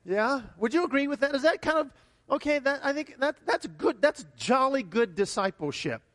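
A male pastor preaching a sermon in an animated way, often repeating his words and acting out highs and lows with exclamations. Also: moderate pace. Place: church sanctuary. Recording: long hall reverb.

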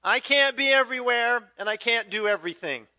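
Bright-voiced man in his fifties preaching. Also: very high voice, a little fast, no room sound. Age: 50s. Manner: conversational, jumps into loud acted quotes then drops to quiet emphasis. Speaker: pastor. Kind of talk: sermon.

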